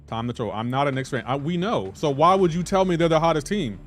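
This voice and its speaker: A man's voice: a little high, lively intonation, fast, faint music behind. A man streaming a game live, chatting casually and playfully indignant as he banters with his chat.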